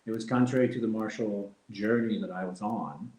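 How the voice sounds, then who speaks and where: A man's voice: fairly low pitch, a little fast. Middle-aged man telling stories, roomy sound. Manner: reflective, animated anecdotes punctuated by laughs. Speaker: guest, former fighter. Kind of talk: candid interview storytelling.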